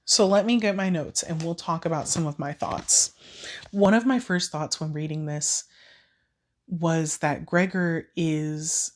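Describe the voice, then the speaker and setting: A woman with a slightly low, scratchy voice rants her way through a book recap for her vlog. She talks casually and swears freely, now and then slipping into exaggerated voices for the characters. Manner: animated, profane, acts out characters in quick quoted voices. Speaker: book vlogger.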